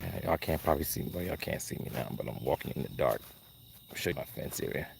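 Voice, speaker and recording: Filming himself live on his phone at night in his kennel yard, a dog breeder rambles and talks to himself in a casual vlog. His voice rumbles low, creaky and quick, with slight background noise and loud crickets and night insects all around.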